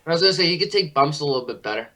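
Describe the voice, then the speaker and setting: A man's voice: fairly high pitch, lively intonation, very fast, pushed and bright. A man calling in to a show, chatting casually, cursing and laughing with enthusiasm. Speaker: caller. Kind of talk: casual call-in chat.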